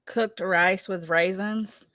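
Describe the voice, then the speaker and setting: A woman's voice: mid-range voice, steady tone, takes it slowly, fairly bright tone, no echo. A woman with a Southern Alabama accent, hosting a livestream and chatting casually as she reads viewer comments, playful and laughing at herself. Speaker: livestream host.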